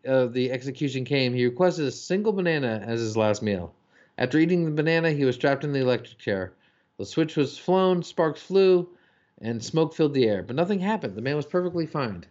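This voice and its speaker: A man hosting a casual chat, reading listener jokes aloud with profanity and animated put-on voices. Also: mid-range voice, muffled recording. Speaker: podcast host reading listener questions.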